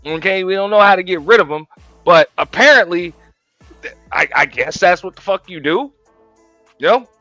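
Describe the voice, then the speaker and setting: A man's voice: sits high, expressive, normal speed, long pauses, bright, forceful tone, dry recording, dull audio, faint music behind. A man hosting a casual reaction show, talking in a laid-back, profane way, laughing and repeating himself. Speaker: show host reacting to clips.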